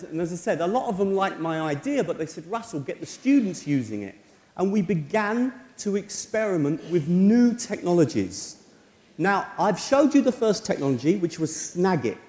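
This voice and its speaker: A man presenting at a teachers' conference in a lecture hall, chatty and lively, telling personal anecdotes. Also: high voice, normal speed. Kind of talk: conference talk. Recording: echoey hall with long reverb.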